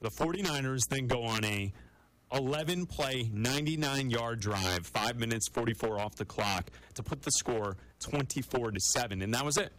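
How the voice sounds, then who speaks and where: A man co-hosts a sports radio show at a mid-range pitch, chatty and brisk. He moves easily from banter into rapid promo reads. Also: a bit bright, low-quality recording.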